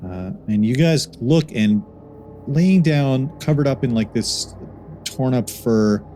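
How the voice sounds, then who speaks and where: A man narrating as dungeon master, talking casually and haltingly with many fillers. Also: medium pitch, expressive, dark tone, faint music behind. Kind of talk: narrating a tabletop game.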